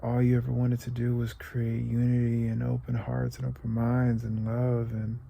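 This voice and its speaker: A man's voice: medium pitch, monotone, moderate pace, gravelly, lo-fi sound. A young man from the United States talking through a rambling, emotional confessional vlog, close to tears and sometimes dropping to a whisper. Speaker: vlogger.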